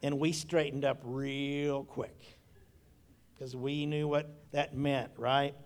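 Folksy, slightly high-voiced male preacher. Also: level tone, unhurried. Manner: folksy storytelling with personal memories and repeated phrases. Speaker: pastor. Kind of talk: sermon.

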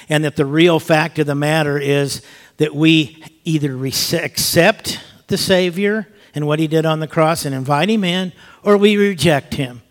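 An older man with a somewhat high voice tells a personal testimony. He is an animated storyteller who swings from lively to soft and hushed. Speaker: speaker giving a personal testimony. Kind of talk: spoken testimony.

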